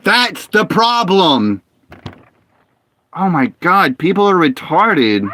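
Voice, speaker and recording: A man's voice: high-pitched, sing-song, takes it slowly, pushed and bright, a little hiss or hum. A man streaming a game live, muttering and complaining in frustration as he plays. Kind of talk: live gameplay commentary.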